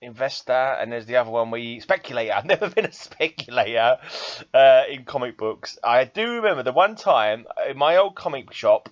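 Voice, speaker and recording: A man's voice: mid-range voice, lively intonation, fairly quick, no echo, highs cut off. A man who vlogs about comic books and hosts a metal podcast, rambling casually and laughing at himself. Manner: chatty, self-deprecating, laughs often.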